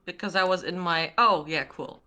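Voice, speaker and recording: A woman playing in a tabletop role-playing game, excitable and giggly. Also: on the low side, normal speed. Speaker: player.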